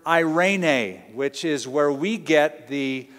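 A middle-aged pastor from Southern California preaching a sermon in a conversational, storytelling way, acting out quotes. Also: male voice, fairly high pitch, lively intonation, takes it slowly, fairly bright tone, in a large hall.

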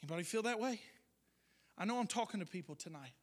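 A man preaching a sermon as pastor, impassioned, dropping to hushed tones and rising to loud declarations. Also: high-pitched, animated, quick pace. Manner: impassioned, shifts between hushed and loud delivery.

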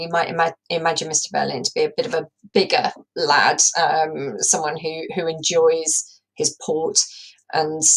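Patiently walking students through the characters, a woman thinks aloud during a recorded English lesson. Her speaking voice sits fairly low, and the recording quality is low.

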